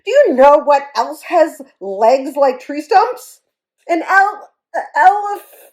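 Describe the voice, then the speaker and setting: A woman's voice: on the high side, animated, slow pace, darkish tone. A woman voicing a touchy, weepy female hippo goalkeeper who wails and stammers as she talks. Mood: wailing. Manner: wailing, stammering.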